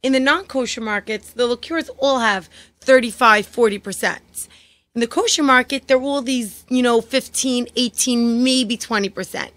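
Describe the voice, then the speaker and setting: A woman's voice: fairly high pitch, normal speed, a bit bright, no echo. A woman with a thick New York accent, a guest explaining her product in a casual chat. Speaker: guest, liqueur maker.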